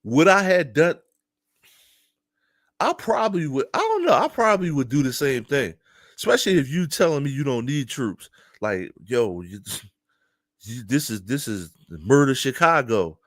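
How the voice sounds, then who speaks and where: A man from Philadelphia giving casual, animated opinion commentary to his viewers, laughing often and talking straight to them. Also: mid-range voice, a little slow, dry recording, clean studio sound. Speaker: news commentary streamer.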